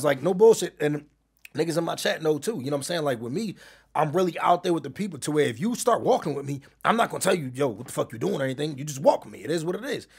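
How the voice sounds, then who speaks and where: A man with a slightly high voice talks very fast, with a gravelly, husky edge to his sound. He is a content creator in casual chat, spinning profane, rambling stories and correcting himself mid-sentence. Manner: profane, rambling storyteller, quick to self-correct.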